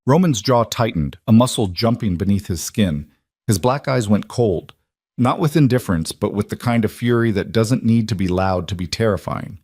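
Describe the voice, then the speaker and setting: A man narrating a dramatic romance story in a measured storytelling voice. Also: on the low side, expressive, darkish tone, slightly rough, no room sound, clean studio sound.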